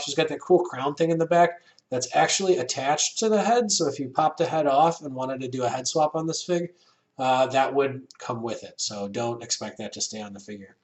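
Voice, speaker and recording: A man casually reviewing an action figure, relaxed and rambling, with many fillers. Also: mid-range voice.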